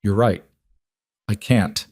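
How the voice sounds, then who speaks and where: A man voicing a steady, gentle widowed single father in an audiobook-style story reading, with a calm, reassuring manner. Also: lowish voice, slow pace, breathy edge, dry recording, studio quality.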